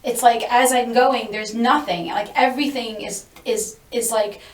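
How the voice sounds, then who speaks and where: Higher-voiced woman host musing aloud. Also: steady tone, moderate pace. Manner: reflective, searching, thinks aloud. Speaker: podcast host. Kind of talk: reflective conversation. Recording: roomy, distant mic.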